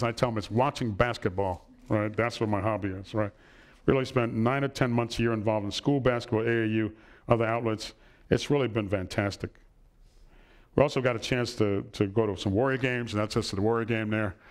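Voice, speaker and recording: Middle-aged guy giving a lecture, lowish voice, chatty, keeps asking right?. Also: steady tone, fairly quick. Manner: warm storytelling, asks "right?" often. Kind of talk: personal lecture to an audience. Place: lecture hall with an audience.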